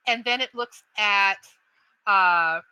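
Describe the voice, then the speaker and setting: A woman narrating as game master of a tabletop game. She talks slowly, with a very bright tone, and often halts and restarts mid-sentence. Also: medium pitch, smooth, no echo, rough recording. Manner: halting, with many restarts.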